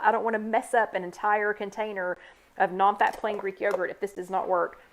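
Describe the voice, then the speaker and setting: A woman hosting a live online chat, casually demonstrating a recipe and talking to viewers by name in an upbeat, chatty way. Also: mid-range voice. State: hiccups. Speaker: host. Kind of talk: live cooking demo chat.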